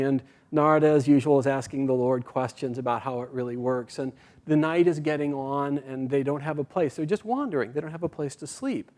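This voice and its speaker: A man giving a sermon, telling a spiritual parable in a gentle storytelling manner, his phrase endings trailing off softly. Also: medium pitch. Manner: voices the characters in dialogue. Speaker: speaker at a spiritual community.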